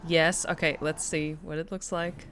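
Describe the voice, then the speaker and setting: A woman's voice: deep voice, flat delivery, a little slow, fairly bright tone, a little hiss or hum. A woman streaming a game who gives effusive, casual commentary, swears freely and laughs often.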